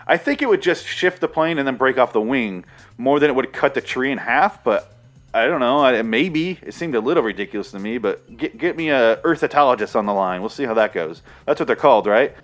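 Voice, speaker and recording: A man's voice: mid-range voice, expressive, brisk, fairly bright tone, faint music behind. A man casually reviewing a movie, rambling and sarcastic, with a lot of swearing.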